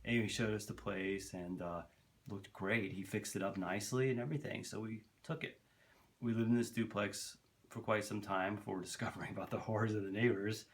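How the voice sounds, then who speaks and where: A man's voice: fairly low pitch, fairly even intonation, brisk. A man telling a long personal story to camera for his vlog, rambling and candid, swearing freely and tripping over his words. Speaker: vlogger.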